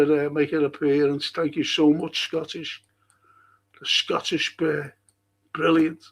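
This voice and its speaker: A man's voice: on the high side, fairly bright tone. An older man with a Liverpool accent hosting a livestream, chatting casually, reading out viewers' messages and telling stories with swearing and laughter. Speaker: livestream host reading chat. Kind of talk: casual chat.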